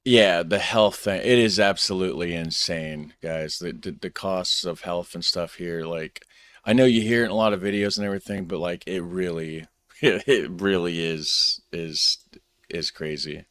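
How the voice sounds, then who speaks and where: A man's voice: sits low, normal speed, fairly bright tone. An American man hosting a reaction video, rambling in a laid-back, chuckling way. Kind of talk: casual commentary.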